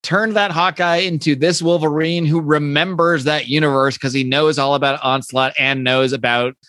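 A man's voice: on the high side, fairly even intonation, moderate pace, a bit bright, no room sound. Chatty man speaking in a dry room. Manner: chatty, asks questions with many restarts and fillers. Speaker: podcast co-host. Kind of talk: casual chat.

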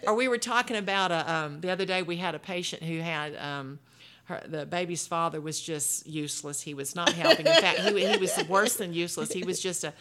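A woman's voice: lowish voice, brisk, few pauses, a bit bright. Salty Southern woman telling stories. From American South. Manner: storytelling, playful and salty. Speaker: guest nurse. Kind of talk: casual chat.

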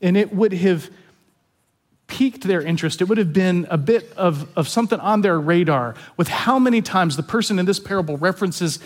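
A man pastor giving a sermon in an earnest, confessional way, often repeating words as he stresses a point. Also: sits high.

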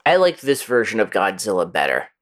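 A man's voice: on the low side, wildly swooping pitch, a little fast, fairly bright tone. A man co-hosting a podcast, giving blunt, profane opinions in casual chat. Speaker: podcast co-host.

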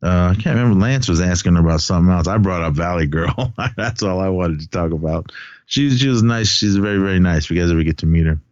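A man's voice: deep voice, fast, darkish tone, no echo, highs cut off. A man co-hosting a movie podcast, talking casually and rambling with lots of fillers and laughs. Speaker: podcast co-host.

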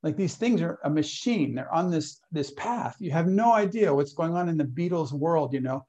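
A man's voice: a little high, animated, normal speed, warm tone. A man leading a workshop, talking loosely through stories and acting out little inner voices. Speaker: workshop leader. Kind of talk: teaching talk.

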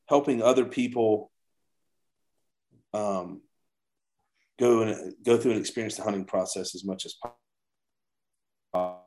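A man's voice: fairly low pitch, a little mellow. A man chatting as a podcast guest, a rambling storyteller who restarts his sentences often. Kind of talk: casual chat.

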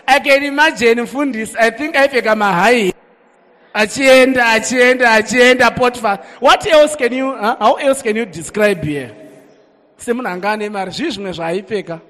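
A man with a Zimbabwean accent preaching a sermon, energetic and calling out to the congregation. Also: very high-pitched. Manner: energetic, calls on the congregation, switches between languages. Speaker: pastor. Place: church hall. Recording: echoey church hall reverb.

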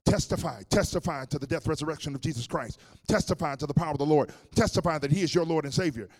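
A man acting out a seasoned male pastor who shouts urgent commands during a sermon story. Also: a little high, quick pace, voice pushed up, natural voice. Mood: fervent.

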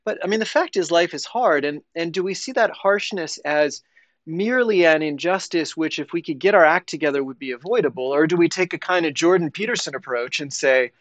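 A man's voice: fairly high pitch, lively intonation, fairly quick, no room sound. A man who is a priest, speaking as a podcast guest and thinking aloud as he explains spiritual ideas in casual conversation.

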